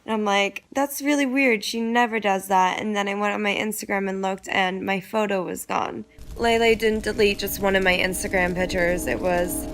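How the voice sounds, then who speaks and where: A young woman casually tells a personal story at a moderate pace with few pauses, her voice at medium pitch. She's chatty, says "like" constantly, and quotes other people with animation.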